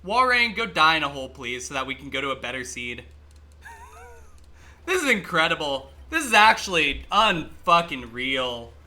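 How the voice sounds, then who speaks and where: Bright, lively-voiced excitable male streamer. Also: fairly high pitch, moderate pace. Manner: excitable, swears a lot, laughs and shouts at the game; chatty, talks straight to chat. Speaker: livestreamer. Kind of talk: live gameplay commentary.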